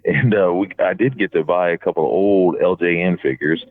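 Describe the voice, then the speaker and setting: A man's voice: low voice, fairly quick, dry recording. A man on a podcast telling rambling stories about a fan event, full of restarts. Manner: rambling anecdotes with many restarts. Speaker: podcast regular recounting a fan convention trip. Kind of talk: casual phone-in storytelling. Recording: dry, tinny phone line.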